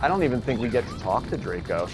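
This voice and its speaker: A man streaming an online golf game live, commenting excitedly, laughing often, swearing and scolding himself over his shots. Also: medium pitch. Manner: excitable, swearing, quick to laugh and self-critical.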